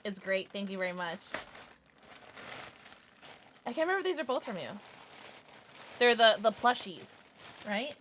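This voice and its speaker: A young woman livestreaming from home, chatting casually and gushing excitedly as she thanks viewers for gifts. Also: mid-range voice, normal speed, long pauses, slight background noise.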